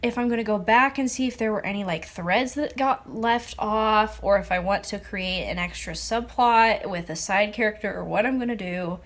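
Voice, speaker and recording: A woman's voice: medium pitch, normal speed, hardly any pauses. Woman, young adult vlogger, chatty and rambling, casual writing vlog. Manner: chatty, rambling, lots of fillers.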